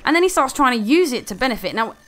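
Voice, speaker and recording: A woman's voice: sits high, sing-song, fast talker, fairly bright tone, a little hiss or hum. A woman ranting in an angry, sarcastic commentary video full of swearing.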